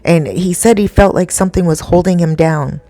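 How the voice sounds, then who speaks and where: A woman telling a spooky story in a chatty, animated way with many asides to the listener. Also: fairly low pitch, normal speed, no room sound.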